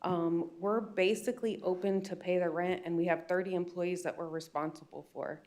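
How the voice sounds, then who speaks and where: A woman's voice: on the low side, fairly even intonation, normal speed, a little mellow. A woman with an American accent, a business owner making an upset, emotional public comment at a county meeting. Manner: upset, pleading, retells phone calls.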